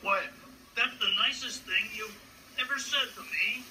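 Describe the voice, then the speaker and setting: A man voicing a gentle, childlike male bird character with a high, squeaky voice, heard in a TV clip. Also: unhurried, exaggerated voice. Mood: surprised. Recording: distant mic with background noise, archive TV clip.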